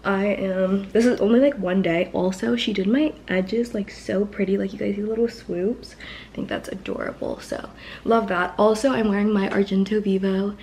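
A woman's voice: mid-range voice, steady tone, moderate pace, hardly any pauses, darkish tone, a little hiss or hum. Chatty young woman vlogging. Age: young adult. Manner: chatty, lots of "like" and "you guys". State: out of breath. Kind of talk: casual vlog chat. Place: car and shops on a travel day.

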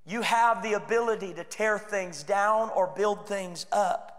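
A man's voice: high-pitched, a little slow, fairly bright tone, big-room sound. A man with a Texan accent preaching a sermon in a church, earnest and conversational, slipping into quoted voices. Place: church sanctuary.

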